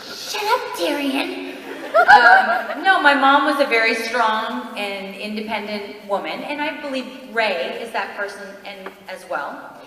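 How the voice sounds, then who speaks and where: Lively, teasing woman panelist. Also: a little high, a little hiss or hum. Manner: quick-witted, teasing. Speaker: convention panelist. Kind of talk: panel Q&A banter. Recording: echoey hall from far off with crowd.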